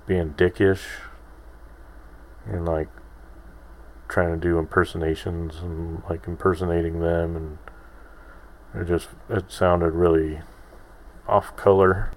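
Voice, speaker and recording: Man, 30s, solo podcast host; very deep voice, unhurried, self-deprecating ramble. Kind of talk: casual solo podcast monologue.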